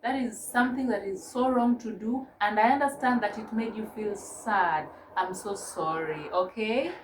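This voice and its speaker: A woman from Kenya teaching a mock English lesson to a young child, gentle and encouraging, spelling words out slowly. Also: mid-range voice, echoey room, a little hiss or hum. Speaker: online ESL teacher.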